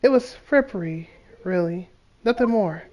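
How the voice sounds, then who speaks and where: A man's voice: sits high, animated, a little slow, muffled recording, a little hiss or hum, pitched above the performer's own voice. A man voicing a refined, mannered English lady client, reading game dialogue aloud with dramatic pleading. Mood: fluttery.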